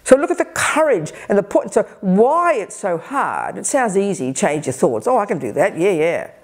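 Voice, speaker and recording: An older woman teaching at a Buddhist retreat, energetic and emphatic, acting out people's inner voices. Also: medium pitch, moderate pace. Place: retreat center hall.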